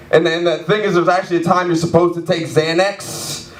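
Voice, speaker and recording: High-voiced man doing stand-up in a club. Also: fairly quick, crowd noise. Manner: animated, self-mocking, mimics sound effects. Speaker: stand-up comedian. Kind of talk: stand-up storytelling. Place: comedy club stage. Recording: echoey club heard from far off. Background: audience laughing.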